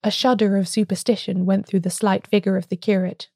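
A woman reading a classic detective story aloud in a steady, measured storytelling voice. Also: mid-range voice, no room sound, clean studio sound. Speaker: podcast host reading a story.

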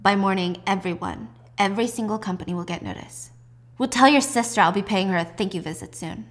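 A woman voicing a cold, menacing male crime boss who speaks in low, clipped threats. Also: a little fast, natural voice.

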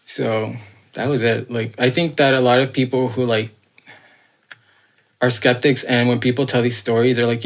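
A man's voice: mid-range voice, flat delivery, moderate pace, pauses often. A man telling his own strange encounter as a podcast guest, in a loose, rambling way full of fillers, restarts and earnest asides. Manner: earnest, insistent. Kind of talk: casual spoken storytelling.

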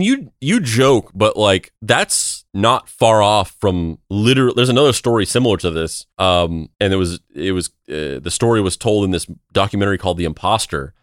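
A man's voice: lowish voice, clear, resonant tone, no room sound, studio quality. A man hosting a podcast, telling a story in casual chat, rambling with many restarts and filler words.

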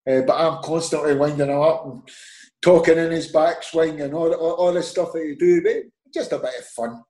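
Scottish ex-footballer guest, animated storyteller, a bit high-pitched, echoey room. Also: male voice, normal speed. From Scotland. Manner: animated storyteller, acts out quoted dialogue, laughs often. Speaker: podcast guest, former footballer. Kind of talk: casual anecdote telling.

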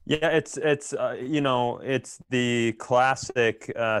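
A man's voice: medium pitch, slow pace, few pauses, clean tone. A man co-hosting a podcast in casual chat, teasing his partner and hesitating with fillers. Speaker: podcast co-host.

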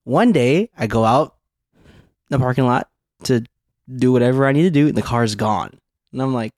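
A man co-hosting a podcast, telling stories in a lively, animated way and swearing freely. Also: mid-range voice, normal speed, long pauses, no echo, clean studio sound. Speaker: podcast co-host. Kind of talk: casual chat.

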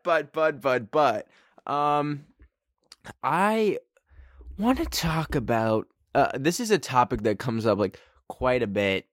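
A man's voice: on the low side, dry recording. Man, podcast host, casual rambling chat, filler-heavy, self-mocking, dry close sound. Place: friend's darkened bedroom.

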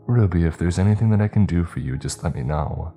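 A kind middle-aged woman speaking softly to a child, as a man reads her. The voice is very low and warm. Faint music sits behind this storybook moment. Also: animated, fast talker. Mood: sympathetic. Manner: soft, gentle.

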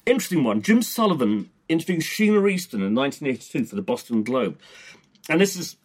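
A British man with a mid-range, sing-song voice hosts a podcast at a quick pace. He reads old press clippings aloud, casually rambling and stammering through restarts.

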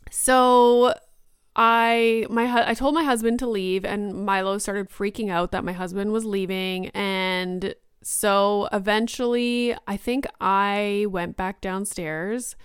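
Telling a story on her podcast, a young woman chats casually and peppers her monologue with "like." Her mid-range voice is smooth and steady, slow in pace, on a dry, studio-quality recording.

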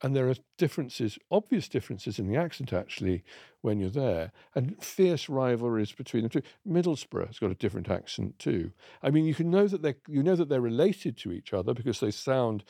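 A man's voice: mid-range voice, sing-song, brisk, creaky, mellow, dry recording, studio quality. An English man in his sixties, co-hosting a chat show, telling stories and asking himself questions that he then answers. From England. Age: 60s. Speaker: co-host. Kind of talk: conversational explaining.

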